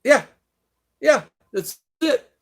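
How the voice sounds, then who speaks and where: A man's voice: drawn-out words, vocal fry. An older American man hosting a casual live stream, rambling as he reads viewer comments aloud. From United States. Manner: rambling, reads chat aloud, lively pitch swings.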